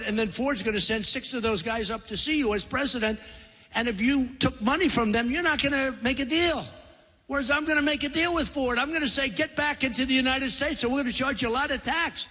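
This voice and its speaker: A man's voice: extremely high pitch, pushed and bright, breathy edge. A man in his sixties giving a boastful, rambling, repetitive campaign rally speech in a large convention center. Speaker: political candidate. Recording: long hall reverb.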